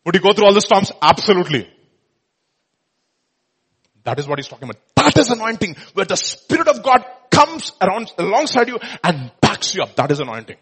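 A man's voice: high voice, very animated, a little fast, a bit bright, breathy edge. A man preaching a sermon, asking rhetorical questions and acting out quoted speech with strong emphasis. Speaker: pastor.

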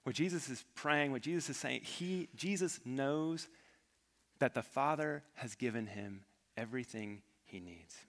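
A man preaching a sermon with earnest emphasis, rising to stress points and letting his phrases fall away quietly. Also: mid-range voice, measured pace, in a large hall. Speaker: pastor.

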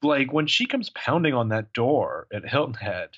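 Man, podcast co-host, mid-range voice, jokey and animated, dull lo-fi audio. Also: mid-range voice, normal speed. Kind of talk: casual chat.

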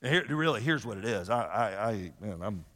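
A man preaching a sermon as a pastor, conversational and animated, often acting out the voices of the people he quotes. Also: fairly low pitch, normal speed. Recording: long hall reverb.

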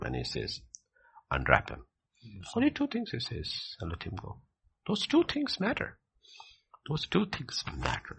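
A man's voice: gravelly, a bit bright, breathy edge. A man teaching in a question-and-answer session, preaching emphatically and repeating his key phrases. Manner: emphatic, repeats key phrases, builds from low murmur to ringing peaks.

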